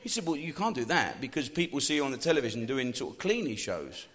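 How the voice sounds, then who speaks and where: An older English man, a comedian, telling profane stories in a cynical, animated way. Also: mid-range voice, quick pace. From England. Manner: swears constantly, animated and cynical. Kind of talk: profane anecdotal storytelling.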